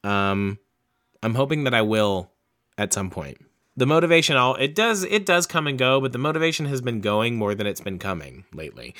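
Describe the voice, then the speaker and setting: A man's voice: medium pitch, big pitch swings, normal speed, fairly bright tone. A young man hosting a book-reading show, chatting in a loose, rambling, profane and self-mocking way. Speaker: podcast host reading books aloud. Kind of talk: casual rambling chat.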